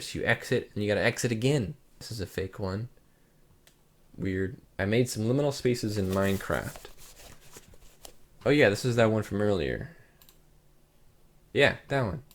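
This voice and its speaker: A young man hosting his channel, reacting to pictures in a loose, rambling casual chat full of "like" fillers. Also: fairly low pitch. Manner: relaxed, rambling, lots of "like" fillers. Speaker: channel host.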